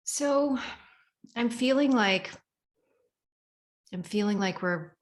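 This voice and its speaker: A woman hosting an interview, talking reflectively with hesitant pauses and fillers. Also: medium pitch, expressive. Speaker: podcast host. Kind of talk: conversational interview.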